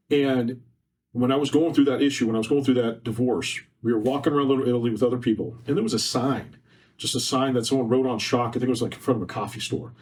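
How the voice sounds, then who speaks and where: A man's voice: medium pitch, darkish tone, breathy edge. A man on a podcast, sharing a personal story in an earnest, repetitive, emotional way. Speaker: podcast guest. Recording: distant mic from faulty setup.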